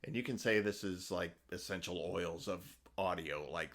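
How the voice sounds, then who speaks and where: A man's voice: sits low, moderate pace, fairly bright tone. A middle-aged man co-hosting a podcast, chatting casually and rambling with many ums and restarts. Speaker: podcast co-host. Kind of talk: casual chat.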